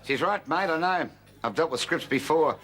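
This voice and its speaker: A man's voice: on the high side, animated, moderate pace, fairly bright tone. A man doing sketch comedy, with a swaggering, repetitive manner of banter. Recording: music playing underneath.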